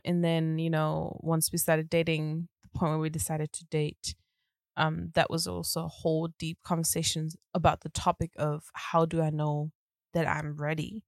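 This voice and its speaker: A woman from Germany co-hosting a podcast, telling a story in an animated way and laughing often. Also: low voice, no room sound, clean studio sound. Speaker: podcast co-host. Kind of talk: casual storytelling chat.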